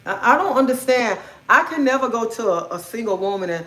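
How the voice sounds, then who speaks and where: A woman's voice: a little high, animated, brisk, few pauses, pushed and bright. A middle-aged woman hosting a livestream, ranting in a blunt, outspoken way and swearing freely. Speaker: livestream host. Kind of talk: casual livestream rant. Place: indoors at home. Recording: echoey room.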